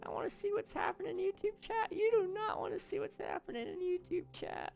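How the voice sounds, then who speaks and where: A man doing a quavering high old lady. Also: sing-song, brisk, creaky, a little mellow, soft background music, heavily acted. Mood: chatty. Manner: scolds chat with mock threats. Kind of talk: live-stream character voice.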